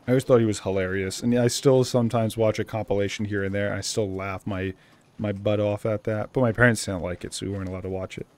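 A young man with a Boston accent hosts a gaming channel, rambling casually through a let's play and now and then bursting into excitement. His voice sits fairly low and he talks fast.

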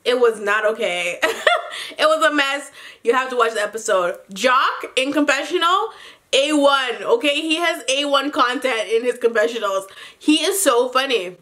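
A woman recaps reality TV drama in loose, excited vlog chatter, full of gossip, swearing and laughter. Her voice sits a little high and sounds bright and forceful. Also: normal speed. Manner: animated, gossipy, laughs often, profane. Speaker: TV recap vlogger.

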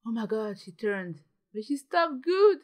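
A young woman giving dramatic, excitable commentary while playing a life-simulation game, often gasping and exclaiming. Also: fairly high pitch, unhurried. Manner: dramatic, gasps and exclaims, ends points with "okay?". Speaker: gaming YouTuber.

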